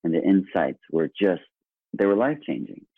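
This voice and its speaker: Appearing as a podcast guest, a man who is a speaker and workshop presenter talks earnestly and enthusiastically, often restarting sentences. His low, slightly rough voice swings widely in pitch at a moderate pace, coming through a tinny, phone-like line with no echo.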